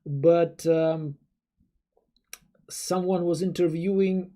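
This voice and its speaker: The speaker is a young adult streamer, a native Russian speaker, reading chat and rambling casually to viewers. Their mid-range voice is steady and warm at a slow pace, and they keep stammering into restarts and swearing offhandedly.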